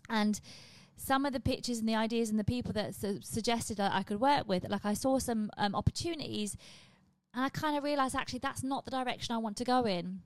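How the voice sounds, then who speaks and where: Fast-talking blunt woman comedian. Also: a little high, no room sound. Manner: chatty, blunt, swears freely. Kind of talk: casual monologue to camera. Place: at home.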